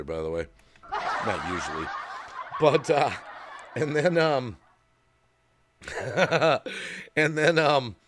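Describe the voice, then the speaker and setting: A middle-aged man from Wisconsin chatting casually on a live stream, rambling and reading chat comments aloud. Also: medium pitch. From Wisconsin, USA.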